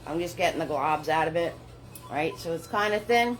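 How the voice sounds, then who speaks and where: Soft background music plays under a painting instructor leading a live paint-along. Her voice sits low yet sounds animated, and she talks herself through each brush step slowly and unhurriedly, chatty and encouraging with little laughs. The audio is poor.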